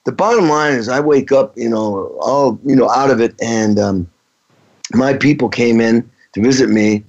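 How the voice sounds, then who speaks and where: Brief: middle-aged male drummer guest, rambling anecdotal delivery, mid pitch, dull lo-fi audio. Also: normal speed, vocal fry, darkish tone. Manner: rambling, anecdotal, frequent restarts. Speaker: touring rock drummer, guest. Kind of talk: casual interview storytelling. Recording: dull lo-fi sound.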